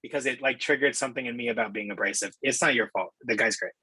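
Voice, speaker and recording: A husky-voiced man speaking as an interview guest, candid and reflective, with the odd casual swear word. His voice is recorded dry, with no room sound around it. His pitch sits in the middle of the male range. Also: quick pace, sharp tone, dry recording, poor audio.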